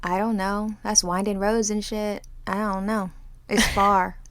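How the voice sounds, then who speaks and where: A woman's voice: mid-range voice, little pitch movement, measured pace, a bit bright, no room sound. A woman in her thirties co-hosting a podcast, venting in casual chat with anxious, rambling sarcasm. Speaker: podcast co-host.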